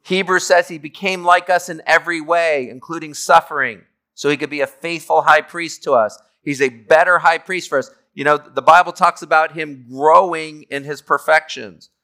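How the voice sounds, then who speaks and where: On the high side, his voice stays steady and bright, forceful, at normal speed with few pauses. He's a Bible teacher running a theology class in a conversational way, reading scripture aloud, explaining it plainly, and often checking in with "okay?".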